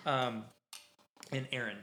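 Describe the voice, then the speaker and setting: A man's voice: mid-range voice, slow pace. Rambling man telling a story, echoey room. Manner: rambling, self-interrupting, animated storyteller. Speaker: podcast host. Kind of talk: casual podcast storytelling. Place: podcast studio.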